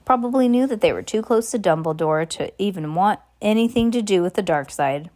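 A woman's voice: medium pitch, animated, brisk, darkish tone, lightly acted. A woman voicing a big, kindly male groundskeeper who talks in a rustic dialect with dropped endings, in an amateur audiobook reading. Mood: storytelling.

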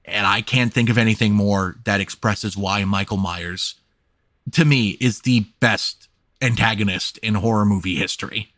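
Emphatic, swearing podcast host. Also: male voice, lowish voice, fairly even intonation, normal speed, fairly bright tone, no room sound. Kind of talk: casual film discussion.

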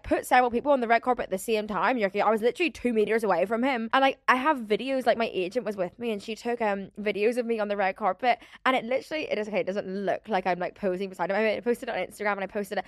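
A woman's voice: fairly high pitch, rapid-fire, hardly any pauses, no echo, clean studio sound. A young woman hosting her own podcast, chatting in a rambling, casual way full of "like" fillers and the odd swear word. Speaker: podcast host. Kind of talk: casual solo podcast chat.

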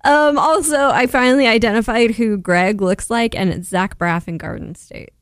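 A young woman co-hosting a podcast, casual and wry, trading quick sarcastic one-liners. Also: on the high side, clean tone, no room sound, studio quality. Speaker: podcast co-host. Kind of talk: casual chat recapping a reality show.

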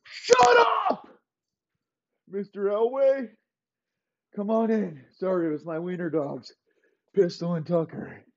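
A timid young ball boy, put on by a man, speaking high and meek with nervous politeness. The recording is dull and lo-fi. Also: a little slow, gravelly, warm tone.

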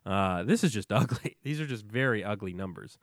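A man's voice: on the low side, expressive, fairly quick, no echo, studio quality. A man co-hosting a casual sports podcast, chatting loosely and rattling off player stats over a remote call. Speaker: podcast co-host. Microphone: remote call mic.

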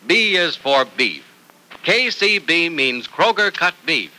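An upbeat male announcer reads a vintage radio ad and narration with a very bright, sharp voice and lively pitch swings. He pushes like a salesman but takes it slowly, and the recording is rough.

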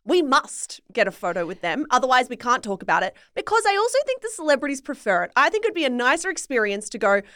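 A young woman co-hosting a podcast, expressive and quick to laugh in casual chat. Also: sits high, no room sound, clean studio sound. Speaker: podcast co-host.

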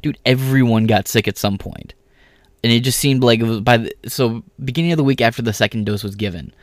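Man, American, ranting vlogger, constant swearing, mid pitch, dry close sound. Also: brisk, no echo. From United States. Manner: profane, heated, swears constantly; mocks others by mimicking them. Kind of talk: ranting monologue.

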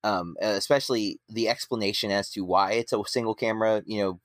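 Low-voiced man, halting. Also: steady tone, dry recording, studio quality. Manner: hesitant and rambling, full of ums and restarts. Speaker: podcast co-host. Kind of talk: casual movie-review chat.

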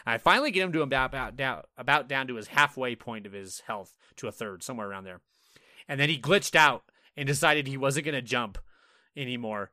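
On a relaxed gaming podcast, a male co-host talks fairly quickly at medium pitch, his voice bright and forceful in a dry, close recording. He swears freely through animated stories, acting out his frustrated reactions in quoted asides.

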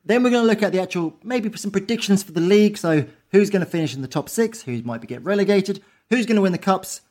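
A man hosting a casual football chat podcast. His voice sits high for a man and he talks with brash, sweary energy, tossing out quick banter. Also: animated, a little mellow. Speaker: podcast host.

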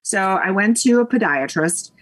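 Lady from tennessee, kinda husky, telling a story, laughs a lot. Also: medium pitch, moderate pace. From Nashville, Tennessee. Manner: animated storyteller, laughs often. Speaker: interview guest. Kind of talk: casual chat.

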